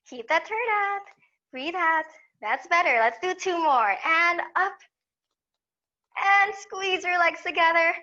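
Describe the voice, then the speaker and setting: High, bright-voiced woman leading barre class. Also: takes it slowly, pauses often, lo-fi sound. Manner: calm, encouraging step-by-step cueing with counts. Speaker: barre fitness instructor. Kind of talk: guided exercise class cues.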